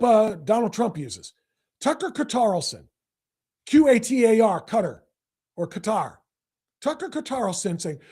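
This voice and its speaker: This male host carries a husky, breathy edge on a fairly high voice. He delivers commentary emphatically, slowing down and pausing to press his points. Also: darkish tone. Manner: emphatic, deliberate pauses. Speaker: podcast host. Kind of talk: opinion commentary.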